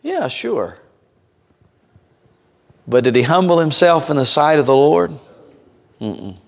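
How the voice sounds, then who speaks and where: A man preaching at a revival, telling stories with punch and speaking straight to the pews. His voice sits fairly high for a man. Long reverb from the church sanctuary trails every phrase. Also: normal speed, gravelly. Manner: emphatic, storytelling, direct address to congregation. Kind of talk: sermon.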